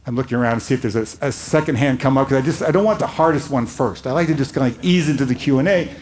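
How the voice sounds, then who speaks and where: Older rabbi on a panel, earnest, tells stories, does quotes in lively voices. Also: male voice, medium pitch, rapid-fire. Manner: earnest storytelling, animated quotes. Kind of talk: live panel conversation. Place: hall before a live audience.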